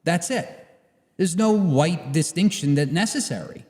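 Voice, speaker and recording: A man's voice: a little high, expressive, a little slow, a little mellow, in a large hall. A man co-hosting a political talk show, arguing emphatically and repeating his points. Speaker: podcast co-host. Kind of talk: casual political debate.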